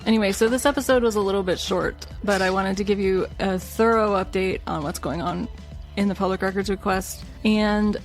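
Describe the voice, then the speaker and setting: A chatty woman hosting a true-crime podcast, in easy, self-deprecating chat at a mid-range pitch. Faint music sits behind her. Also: steady tone, fairly quick. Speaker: podcast host. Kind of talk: casual chat.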